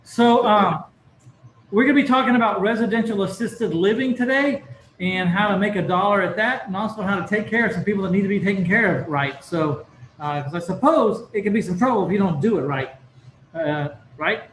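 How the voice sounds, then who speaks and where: A man's voice: high voice, brisk, a bit bright. A man hosting a podcast in a loose, casual way, full of fillers and restarts. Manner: rambling, filler-heavy, self-correcting. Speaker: podcast host. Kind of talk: casual interview chat. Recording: roomy with faint background noise.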